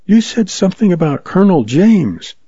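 A man voicing an earnest young woman in a storybook reading, speaking softly and sincerely. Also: sits high, very animated, moderate pace, breathy edge, no room sound, lo-fi sound, pitched above the performer's own voice, exaggerated voice. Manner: soft, earnest.

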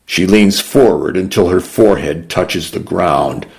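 Deep, slow, gravelly male storyteller. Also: darkish tone. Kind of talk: scripted first-person story narration.

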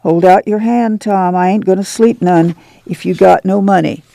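A man playing a worried farm mother, gravelly. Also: high-pitched, fairly even intonation, normal speed, mellow, no room sound. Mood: insistent. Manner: folksy rural dialect, pleading and stern. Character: worried poor farm mother, middle-aged woman, tender but firm. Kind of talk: audiobook character reading.

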